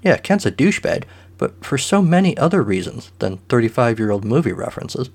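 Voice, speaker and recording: A man's voice: medium pitch, very animated, brisk, gravelly, darkish tone, husky, full character voice. A man doing a blunt, sardonic young woman. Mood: teasing.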